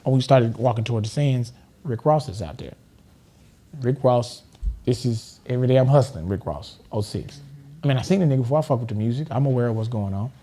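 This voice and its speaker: A middle-aged man from Los Angeles speaks briskly in a mellow, medium-pitched voice over a studio podcast mic. He's a guest telling stories in a casual, animated way, often laughing and voicing other people at a higher pitch.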